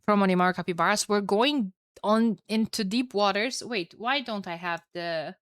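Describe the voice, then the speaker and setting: Smooth-voiced woman casting a strategy game. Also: medium pitch, normal speed, no echo, clean studio sound. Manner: chatty, excitable, swears and laughs at herself. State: tired with a headache. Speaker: esports caster. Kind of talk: solo game commentary to a live chat.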